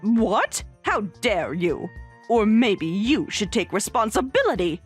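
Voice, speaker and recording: A woman's voice: mid-range voice, big pitch swings, slow, slightly rough, soft background music, full character voice. A woman voicing an entitled middle-aged mother who speaks in an indignant, insistent way, in a voiced story drama.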